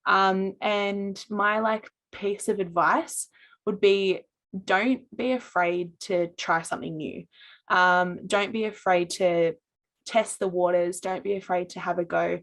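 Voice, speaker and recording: A young Australian woman, a student on a panel, telling stories in a bubbly, animated way. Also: medium pitch, slow. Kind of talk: panel discussion.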